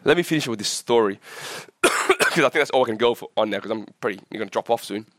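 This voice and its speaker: Recorded in studio quality with no room sound, this Vietnamese-born pastor in his forties talks quickly in a fairly bright, expressive voice. He's sick and coughing as he preaches in church, yet stays impassioned, climbing in pitch at the high points and frequently questioning the congregation.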